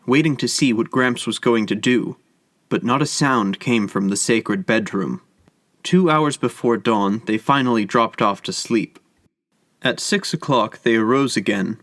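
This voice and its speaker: A man giving scripted narration of a short story in a measured storytelling manner. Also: mid-range voice, dry recording, clean studio sound. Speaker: audiobook narrator.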